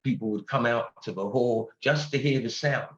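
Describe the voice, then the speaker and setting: An English man in his sixties tells stories as a guest, animated and quick to laugh. His voice sits in an echoey room. The sound is a little dull and muffled. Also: mid-range voice. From England. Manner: animated storyteller, laughs often. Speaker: guest singer. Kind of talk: casual interview chat. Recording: roomy, dull-sounding audio.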